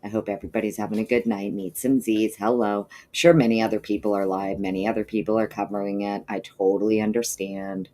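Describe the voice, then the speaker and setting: A woman hosts a casual livestream and works through her chat, greeting viewers by name and calling them honey and darling. She sounds low on energy and clears her throat often. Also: level tone, fairly quick, hardly any pauses, dark tone. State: low energy, not feeling peppy. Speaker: livestream host.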